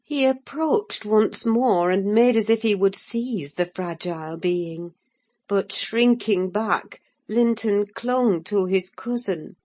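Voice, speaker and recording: A woman narrating an audiobook in the first person, measured and unhurried. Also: medium pitch, a little mellow.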